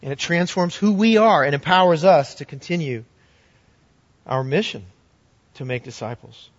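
A man's voice: on the high side, normal speed, no echo, highs cut off. Earnest male pastor preaching a sermon. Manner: earnest storytelling with shifts between loud and hushed.

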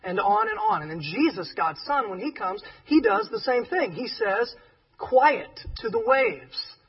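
A male pastor preaching with emphatic, joking energy. His voice sits high and swings widely in pitch, with a husky edge. The recording sounds dull and distant, as if captured away from the mic. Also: normal speed. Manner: emphatic, animated, with joking asides. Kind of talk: sermon.

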